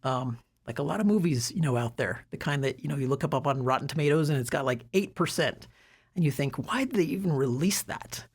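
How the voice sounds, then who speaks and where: A middle-aged man with a husky voice, giving self-development advice in a relaxed, conversational way with frequent fillers and restarts. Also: medium pitch, fast talker. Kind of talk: casual talk to camera.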